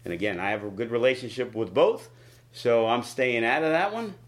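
A man in a casual interview telling the story of a big wrestling show. He talks in an animated way and leaps up in pitch when he quotes people. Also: a little fast. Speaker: wrestling promoter.

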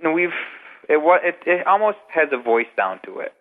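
A man's voice: a little high, very animated, moderate pace. A man, a guest paranormal investigator, telling rambling, detailed anecdotes in a casual interview over the phone. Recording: tinny phone line with long reverb.

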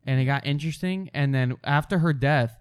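A young man in casual chat, relaxed and agreeable, sometimes mimicking characters for a laugh. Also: medium pitch, fairly quick, clean tone.

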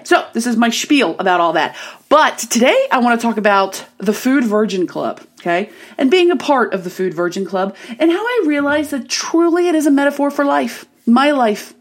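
A young woman hosting her own podcast, talking in a chatty, bubbly, rambling way with frequent restarts. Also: fairly high pitch. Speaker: podcast host. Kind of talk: casual solo podcast monologue.

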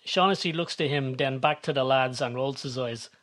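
A man giving calm, measured scripted narration. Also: medium pitch.

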